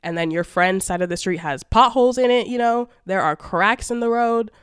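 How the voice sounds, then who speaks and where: A woman's voice: mid-range voice, normal speed, clean tone, no echo, studio quality. A woman in her twenties hosting a casual solo podcast, chatty and sassy, talking through a congested nose and sore throat. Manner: chatty and sassy, calling listeners babes and girl. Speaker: podcast host.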